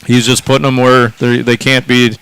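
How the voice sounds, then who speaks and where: A man doing relaxed, chatty play-by-play for a local high school hockey game. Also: normal speed, smooth, low-quality recording. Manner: easygoing, chatty, lots of fillers. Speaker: play-by-play announcer.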